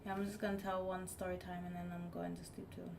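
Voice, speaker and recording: A woman live streamer telling a story in casual chat, blunt and animated, swearing freely. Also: on the low side, fast, gravelly, background noise.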